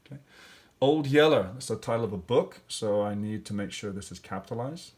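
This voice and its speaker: A man's voice: on the low side, expressive, brisk, darkish tone. A male teacher walking through grammar and spelling exercises step by step, thinking aloud with fillers. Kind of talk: classroom lesson walkthrough.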